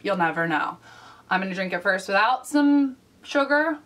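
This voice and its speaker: Woman vlogger with wry deadpan asides. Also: mid-range voice, normal speed, recorded from a distance. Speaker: vlog host. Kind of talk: casual comedic vlog.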